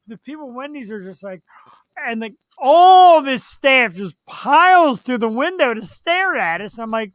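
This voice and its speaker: A man's voice: very high-pitched, measured pace, dry recording, shouting. A man hosting a talk show, telling stories and acting out tough-guy voices. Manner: animated storyteller who acts out tough-guy voices. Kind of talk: casual chat, storytelling.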